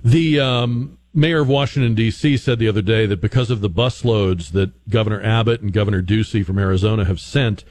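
A man hosting a radio talk show, asking measured questions that he builds up at length. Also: on the low side, a little mellow, dry recording. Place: radio studio.

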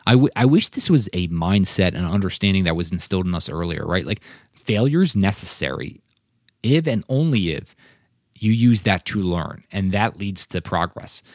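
Man, podcast host, fairly low voice, dry close sound, earnest, keeps saying right and like. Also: very animated, normal speed, no room sound. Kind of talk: solo podcast monologue.

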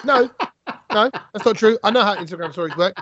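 A man's voice: sits high, a little fast, a bit bright, dry recording. A man, co-hosting a casual chat, telling stories and acting out his own lines with big jumps in emphasis. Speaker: podcast co-host. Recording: dull lo-fi sound, dry.

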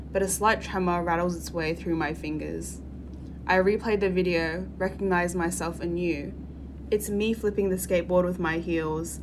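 A young woman from Australia reading her personal essay aloud in a measured, reflective way. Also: fairly low pitch, background noise.

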